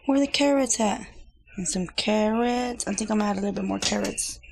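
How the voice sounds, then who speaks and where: A woman's voice: medium pitch, fairly quick, creaky. A young woman, a mother, chatting casually through a home vlog update in her kitchen, rambling with lots of fillers and restarts.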